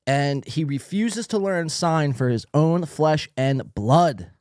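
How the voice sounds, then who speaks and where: A man's voice: on the high side, animated, slow pace, darkish tone, no echo, clean studio sound. A man hosting a podcast, giving sarcastic, mocking commentary on video clips with lots of swearing. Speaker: podcast host.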